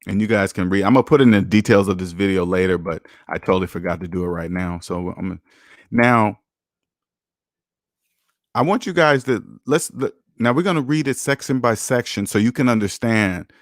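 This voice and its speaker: With a lowish voice and lively intonation at normal speed, a man hosts a finance video recorded dry at studio quality. He reads an article aloud with running commentary, lecturing his viewers in an emphatic, repetitive manner that swings loud and soft.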